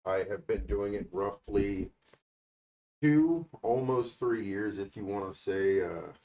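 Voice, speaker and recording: A man guesting on a podcast who answers questions in a hesitant way with many pauses. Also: lowish voice, gravelly, a little mellow. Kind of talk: casual interview answers. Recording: distant, echoey mic.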